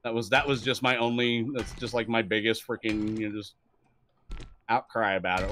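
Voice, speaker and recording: A man's voice: lowish voice, moderate pace, slight background noise. A young man chatting casually on a live stream, swearing freely and telling stories with lots of laughing. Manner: swears freely, animated storytelling, laughs often.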